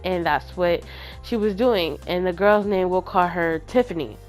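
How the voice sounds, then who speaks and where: A woman hosting her own channel, candidly retelling a personal story in an animated, casual way with slang. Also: fairly low pitch, normal speed, soft background music. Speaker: channel host.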